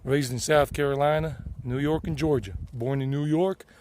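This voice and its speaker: Chatty Southern American man, higher voice. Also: steady tone, normal speed, a little mellow, a little hiss or hum. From United States. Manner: rambling, chatty, self-correcting. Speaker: vlog host. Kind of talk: casual outdoor vlog talk. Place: outdoors in the countryside.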